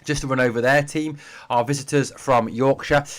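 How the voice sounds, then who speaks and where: A man's voice: medium pitch, steady tone, moderate pace. A man from Durham with a northeast English accent, hosting a live football watch-along from home and chatting to viewers as he reads their comments. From Durham, northeast England. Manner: chatty, addresses viewers as mate and guys. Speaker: football fan channel host. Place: home room being packed up for a move.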